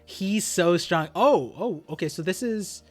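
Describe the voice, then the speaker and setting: A young man streaming live, reading a comic chapter aloud and reacting with excited exclamations and stammers. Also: sits high, a little slow, faint music behind.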